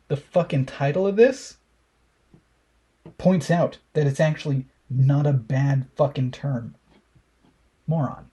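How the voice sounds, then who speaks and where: A man's voice: medium pitch, vocal fry, dark tone, husky. A young man giving casual, profane commentary while reacting to memes, mocking and sarcastic.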